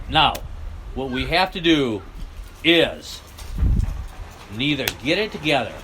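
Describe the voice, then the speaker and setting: A man's voice: medium pitch, background noise. An older American man vlogging outdoors, talking bluntly and joking as he rambles. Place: outdoors near a road.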